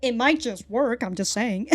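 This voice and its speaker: A woman's voice: fairly high pitch, expressive, a little slow, faint music behind. A woman hosting a casual reaction commentary who swears a lot, laughs often and rambles with restarts. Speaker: reaction video host.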